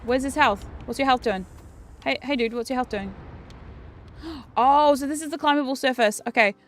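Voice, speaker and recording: A woman giving casual game commentary as a streamer. She gets excitable, swears often and jumps into squeals. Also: sits high, moderate pace, a little hiss or hum. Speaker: VTuber streamer.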